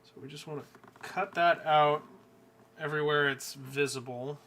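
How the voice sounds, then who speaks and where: A man live-streaming as he draws a coloring page, quietly talking himself through the work with joking asides. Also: fairly high pitch, steady tone, moderate pace, a little hiss or hum. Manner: mumbles quietly to himself while working, jokey asides. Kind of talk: casual live-stream chat while drawing.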